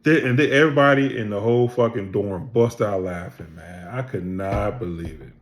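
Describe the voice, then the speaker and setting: A middle-aged man telling his own story in a casual, animated way, acting out other people's lines and swearing freely. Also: fairly low pitch, moderate pace. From Pennsylvania.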